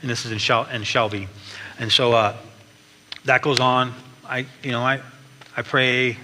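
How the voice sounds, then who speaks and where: Guy giving his church testimony, bright voice, big echoey hall, faint hiss behind. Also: mid-range voice, little pitch movement, unhurried. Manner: earnest storytelling with frequent restarts. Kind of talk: personal testimony. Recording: long hall reverb, faint background noise.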